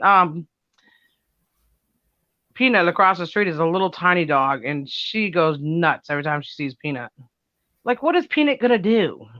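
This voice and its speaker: A loud middle-aged woman holds forth in casual livestream chat, laughing and swearing without a filter. Her voice is bright and punchy. The sound is dry and close, with a somewhat dull, lo-fi mic. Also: fairly low pitch, no echo. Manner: loud, brash and laughing, cusses freely.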